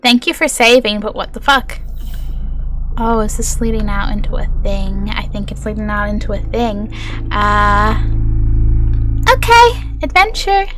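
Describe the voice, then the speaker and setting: A woman's voice: medium pitch, expressive, a little slow, pauses often, music in the background. A woman streaming a horror game live, chatting to her viewers in a chatty, self-mocking way, swearing and joking.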